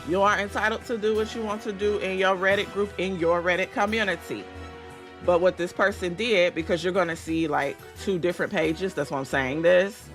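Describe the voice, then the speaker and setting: A woman's voice: lowish voice, fairly bright tone. A woman hosting a casual livestream, talking bluntly and with plenty of swearing to her viewers, her voice cracking because she has just woken up. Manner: blunt, profane, chatty with viewers. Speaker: livestream host.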